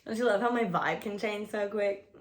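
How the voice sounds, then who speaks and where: Getting ready on camera, a beauty vlogger chats casually in a medium-pitched voice at normal speed. Her talk is full of slang and swearing, and she laughs a lot.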